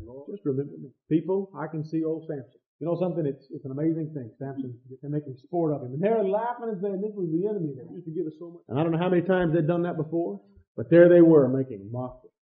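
A man preaching a sermon with passion, swinging between loud outbursts and hushed asides. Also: fairly high pitch, fast. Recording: dull lo-fi sound.

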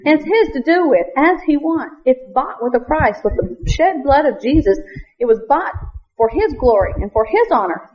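A woman's voice: sits high, lively intonation, normal speed, slight background noise. Earnest woman giving a church testimony. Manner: earnest, laughs often, quotes scripture in King James wording. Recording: dull lo-fi recording.

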